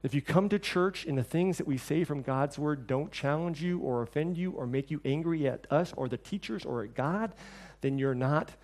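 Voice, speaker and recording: A middle-aged man preaching a sermon, telling stories and acting out quoted voices with lively shifts. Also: normal speed, few pauses. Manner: storytelling, acts out quoted voices with lively shifts in pitch and level. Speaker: pastor.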